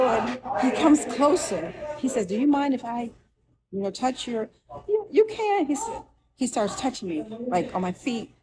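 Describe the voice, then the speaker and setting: A woman telling a true personal story with emotion, acting out the voices of the people in it, with restarts and asides. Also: medium pitch. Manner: animated, acts out quoted voices, with restarts.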